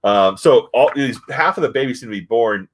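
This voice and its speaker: A man's voice: mid-range voice, lively intonation, fairly quick. A man casually reviewing comic books, rambling with many fillers and restarts.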